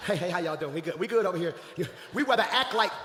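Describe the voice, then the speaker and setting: A man preaching a lively sermon as pastor, with shouted bursts and casual slang. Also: high voice, very fast. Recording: echoey hall.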